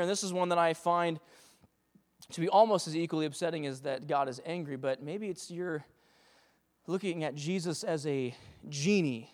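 A young pastor delivers a lively sermon, slipping in little acted voices of doubting people. His voice sits high for a man. The sound rings with the long reverb of a church hall.

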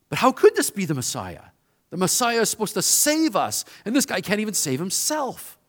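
A man preaching a sermon, retelling a scripture scene with animated storytelling and acting out the bystanders' voices. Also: high voice. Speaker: pastor.

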